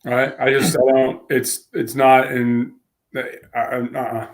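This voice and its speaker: A man co-hosting a casual tech podcast, telling a long story with lively acted-out quotes and frequent laughs. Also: mid-range voice, a little slow. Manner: animated storyteller, acts out quotes, laughs often. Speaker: podcast co-host.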